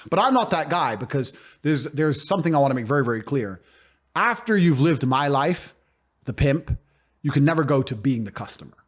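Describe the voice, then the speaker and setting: Man, mid-pitch, rapid and animated, blunt and profane interview guest. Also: slightly rough. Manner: blunt, emphatic, swears freely; acts out quoted speech in put-on voices. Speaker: podcast guest. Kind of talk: casual conversational interview.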